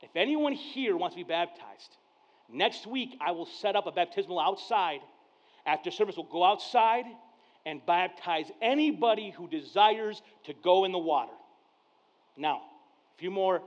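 High-voiced animated man preaching. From Mexican heritage. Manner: conversational storyteller, acts out dialogue, swings from hushed to loud. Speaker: pastor. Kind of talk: sermon with personal stories. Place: church service. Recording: dull lo-fi sound.

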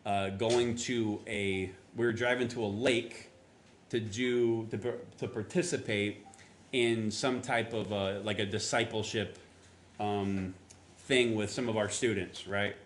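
With a steady tone and a slightly slow pace, plus a little hiss or hum, a pastor delivers a sermon built around a personal story. He keeps it conversational and voices the quoted lines with rising pitch.

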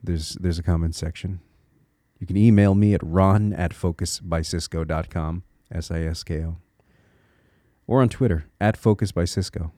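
A man's voice: low-pitched, steady tone, normal speed, mellow, dry recording, studio quality. A man from Connecticut hosting a solo podcast, talking in an earnest, reflective and encouraging way, with small restarts as he thinks aloud. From Connecticut, USA. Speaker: podcast host.

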